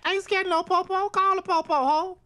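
A woman's voice: extremely high pitch, fairly even intonation, brisk, a bit bright. Woman playing a brash, feisty old grandma. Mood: defiant. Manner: brash, boastful, streetwise trash talk. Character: sassy, brawling old grandmother. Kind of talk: comedy skit acting.

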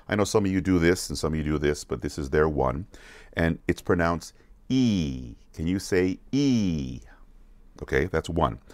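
A man teaching children a counting song, going slowly and repeating each word so they can follow. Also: low-pitched, no room sound. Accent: American. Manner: repeats words slowly, asks questions to check along. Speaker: music teacher. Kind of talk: slow, patient lesson for kids.

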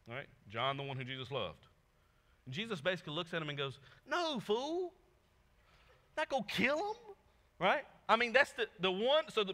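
A man preaching from a church stage, his voice very bright and ringing with a long hall reverb around it. He talks to the room casually, slips into slang, and plays out the biblical figures he reads about. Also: fairly high pitch. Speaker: pastor. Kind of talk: sermon.

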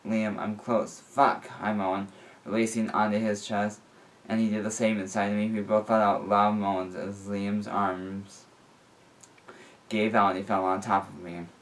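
A man reads a fan fiction story aloud. His voice sits somewhat low, and his reading is plain and unhurried. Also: flat delivery. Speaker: reader.

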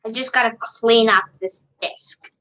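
A woman's voice: on the high side, fairly even intonation, a little slow, pushed and bright, low-quality recording. A woman streaming live, chatting casually to herself while she shares her screen and repeats her questions.

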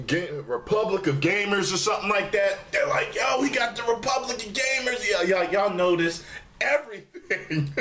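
Animated, cursing man vlogging in an echoey room. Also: a little high. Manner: animated, profane, mimics commenters in a raised voice. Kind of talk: casual chat to camera. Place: dining room of a studio apartment, indoors.

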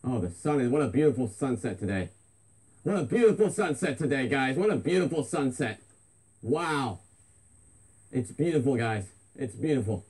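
A man's voice: mid-range voice, big pitch swings, normal speed, slightly rough. A man hosting a comedic vlog, hyped and out of breath, repeating himself as he walks outdoors. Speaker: parody vlogger host. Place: outdoors on a busy street. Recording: loud street noise.

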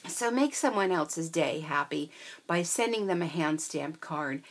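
A woman's voice: deep voice, animated, a little slow. A woman craft vlogger chatting casually and gushing with delight as she shows handmade cards, with frequent ums. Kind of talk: casual show-and-tell.

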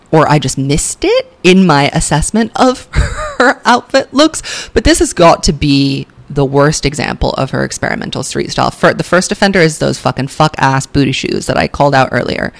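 A woman chats through fashion commentary with a lively, bouncing pitch. She is sassy and blunt, swears freely, and stretches her words for emphasis before rushing ahead. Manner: sassy, gushing and cutting by turns, swears freely; drawls words for emphasis, then rushes. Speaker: pop culture vlogger.

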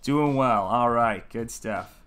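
A man's voice: medium pitch, slow, fairly bright tone, smooth, soft background music. A man hosting a live painting stream, talking in a casual, earnest, musing way and greeting viewers in the chat by name.

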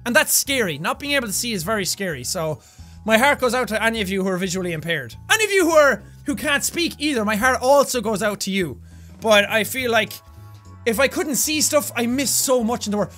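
A young man with an Irish accent, talking straight to his audience as a gaming YouTuber in an energetic, rambling way, breaking into bursts of yelling. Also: high voice, a little fast, faint music behind. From Ireland. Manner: animated, loud bursts of yelling, rambling asides. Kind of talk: energetic casual commentary to camera.

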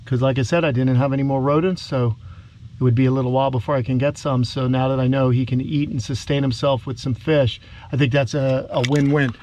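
A man's voice: medium pitch, steady tone, a little fast, darkish tone. Enthusiastic New York man feeding lizards. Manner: enthusiastic, talks to the lizards like pets. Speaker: reptile keeper and channel host. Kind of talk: casual outdoor vlog narration while feeding animals.

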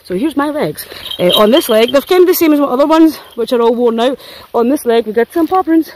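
A woman's voice: high-pitched, lively intonation, a little fast, background noise. A Scottish woman walking dogs through a wet forest, chatting casually and playfully to her phone and the dogs, with the odd swear. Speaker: dog walker. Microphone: handheld phone while walking.

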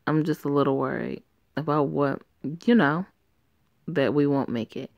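A woman's voice: low-pitched, normal speed, gravelly, dry recording, dull audio. A woman voicing a tomboyish teenage girl who speaks in a blunt, defiant way. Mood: earnest.

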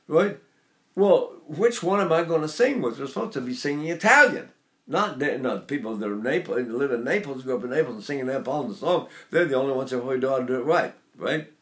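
An older man teaching singing, talking in an animated, digressive way and breaking into sung vocal demonstrations. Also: fairly high pitch, brisk. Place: Seattle area.

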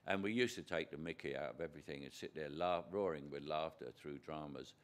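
An older British actor, appearing as a guest in an on-stage conversation before an audience, tells rambling anecdotes full of chuckles and restarts. His voice is extremely low and fairly quick.

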